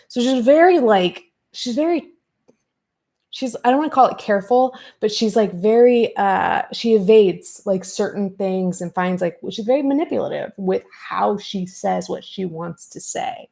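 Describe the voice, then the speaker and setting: A woman hosting a commentary podcast, retelling an online feud in an animated, fired-up way and acting out the exchanges. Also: mid-range voice, normal speed, creaky. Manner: animated, fired-up retelling with quoted back-and-forth. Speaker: podcast host.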